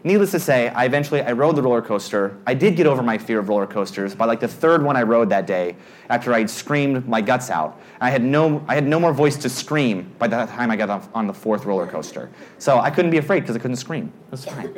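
A young man preaching to a youth group, telling a story in a lively way and acting out his own panic in character voices. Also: mid-range voice, a little fast, slight background noise. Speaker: youth pastor. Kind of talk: storytelling sermon.

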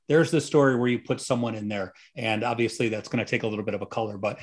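A man's voice: on the low side, fast. A man talks on a casual discussion panel with energy. He builds his point through examples and pokes fun at himself along the way. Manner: energetic, self-deprecating, gives examples. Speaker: podcast panelist.

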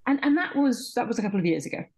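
A woman's voice: a little high, animated, very fast, darkish tone, husky. A middle-aged woman who teaches midwifery, speaking in an interview with passion and emphatic repetition. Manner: passionate, emphatic, repeats words when stressing a point. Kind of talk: conversational interview.

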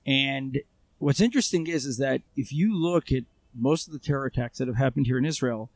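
A man's voice: mid-range voice, brisk, no echo. A man being interviewed, telling a story in a casual, conversational way with many fillers and restarts. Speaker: guest, armed civilian responder. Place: Israel.

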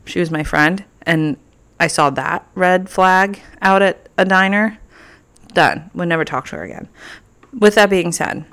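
Young female podcaster, solo casual chat, petty and playful, sits a little low in pitch. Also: measured pace, fairly bright tone. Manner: chatty, playfully petty, lots of filler "like". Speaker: podcast host.

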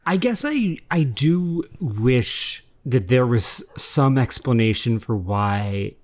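A man with an ordinary middle-pitched voice talks his way through notes on a script, rambling and hesitant. This is casual comic banter between podcast hosts. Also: lively intonation, slow pace, a little mellow. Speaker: podcast co-host.

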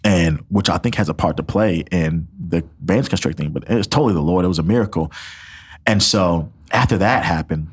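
A man's voice: deep voice, fairly quick, slightly rough. A young man telling a personal faith testimony as a podcast guest, earnest and emotional, acting out what others said and often laughing. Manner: earnest storytelling, acts out quotes, laughs often.

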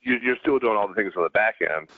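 Middle-aged Southern man, interview guest, halting storyteller, low voice over a tinny line. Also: expressive, no echo. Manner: halting, many restarts and fillers. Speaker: guest, former pro pitcher. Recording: dry, tinny phone-like line.

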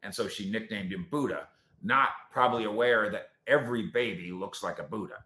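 A man with a lowish voice hosts a sports talk show, answering viewer comments at a fairly quick pace. He's animated and sarcastic, swinging between loud points and quiet asides, and the recording has a roomy echo.

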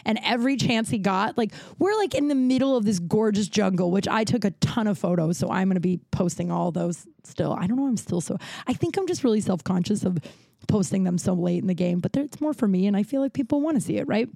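An American woman comedian telling a story on a podcast, dramatic and animated, swearing freely. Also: medium pitch, fairly quick, creaky, no room sound, studio quality. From United States. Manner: swears freely, many fillers.

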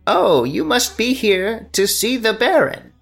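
A man voicing a fancy, self-satisfied woman who runs the household, in a high, haughty voice. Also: big pitch swings, unhurried, creaky, a bit bright, soft background music, full character voice. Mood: eager. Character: fancy bossy upper-class woman in charge.

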